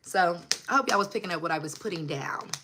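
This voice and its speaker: A woman's voice: on the low side, fast talker, background noise. A woman hosting a casual livestream pep talk, passionate and emphatic, swearing freely and repeating herself for effect, recorded on a phone at home. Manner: emphatic and repetitive. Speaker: motivational channel host. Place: at home under a hot light.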